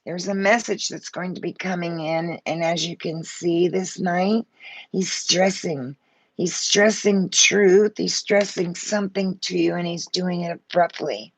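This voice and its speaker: A woman's voice: lowish voice, fairly even intonation, normal speed, few pauses, low-quality recording. A woman giving a live tarot reading, blunt and fired up, swearing freely as she talks. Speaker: tarot reader.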